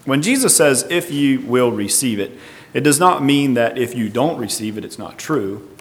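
A male preacher works through scripture verse by verse, thinking aloud and sometimes admitting uncertainty. His voice sits at an ordinary middle pitch. A long reverb trails each phrase, as in a large hall. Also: animated, normal speed. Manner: thoughtful, tentative, explaining verse by verse. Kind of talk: Bible teaching sermon.

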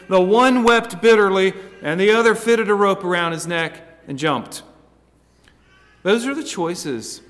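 A man preaching a sermon, earnest, with stammering restarts and swings between loud and hushed passages. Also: sits high, long reverb tail.

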